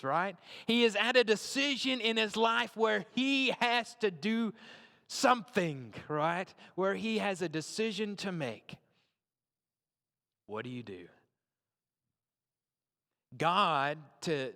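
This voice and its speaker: A man's voice: high-pitched, sharp tone, big-room sound. A man preaching a sermon in a conversational way, often checking in with his listeners. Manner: conversational, repeats and checks in with "right?". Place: church.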